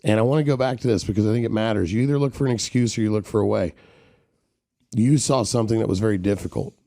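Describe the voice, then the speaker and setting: A man's voice: on the low side, fast, mellow, no echo, studio quality. Blunt profane male podcast host. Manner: blunt, profane, speaks straight to listeners. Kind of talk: motivational interview talk.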